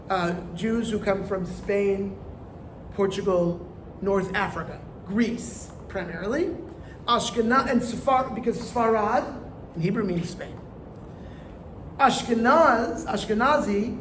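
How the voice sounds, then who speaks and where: Chatty rabbi teaching in an echoey room. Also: male voice, extremely high pitch, a little hiss or hum. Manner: chatty, digressive, joking, leads call-and-response vowel drills. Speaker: rabbi teaching a Hebrew class. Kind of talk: informal language lesson with drills.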